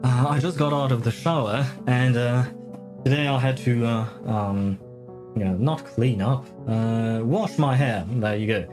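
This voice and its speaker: A man's voice: mid-range voice, unhurried. A man streaming live, chatting casually and rambling with many fillers, self-corrections and laughs; English is not his first language. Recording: faint music behind. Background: faint game music.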